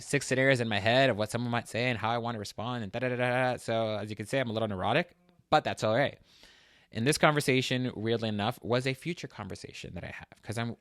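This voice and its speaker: A man's voice: on the low side, a bit bright, no room sound, clean studio sound. A man hosting a fitness talk show, telling a candid, emotional personal story as a monologue. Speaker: podcast host.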